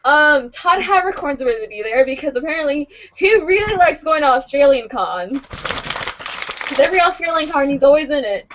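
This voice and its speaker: Casual podcast co-host, young woman, high voice, rambly and profane, muffled recording. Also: lively intonation, moderate pace, fairly bright tone, slight background noise. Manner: chatty, stumbling over place names, laughing and swearing. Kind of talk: casual podcast chat reading convention listings. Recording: dull lo-fi podcast audio.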